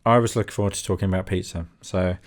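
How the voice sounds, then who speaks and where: A young English man co-hosting a casual podcast, dry and deadpan with jokes. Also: low-pitched, racing. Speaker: podcast co-host.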